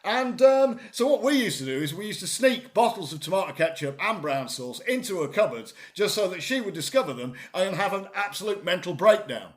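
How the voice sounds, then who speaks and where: A man, co-hosting a comedy podcast, excitable and animated, often stumbling over repeated words. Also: high voice, fairly quick, few pauses. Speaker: co-host.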